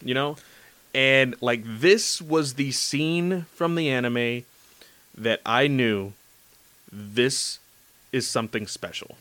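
Excitable guy, smooth voice. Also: medium pitch, takes it slowly, no room sound. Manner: excitable, gushing, heavy use of "like" and "you know". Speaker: podcast host discussing anime. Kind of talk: casual chat.

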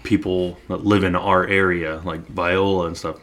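Low-voiced young man, relaxed chat. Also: normal speed. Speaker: podcast guest. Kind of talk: casual podcast chat.

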